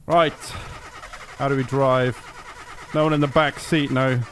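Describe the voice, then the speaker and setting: A man's voice: mid-range voice, little pitch movement, measured pace, fairly bright tone, slight background noise. A young man giving casual, sarcastic gameplay commentary, swearing freely and yelping when startled. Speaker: gaming commentator.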